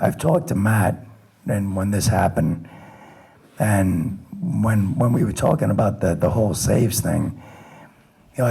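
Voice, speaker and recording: Middle-aged cop guy, gravelly and husky, dark voice, plainspoken with dry jokes. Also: fairly low pitch. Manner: plainspoken, self-deprecating humor, frequent restarts. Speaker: police lieutenant recounting a shooting. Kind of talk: personal testimony talk.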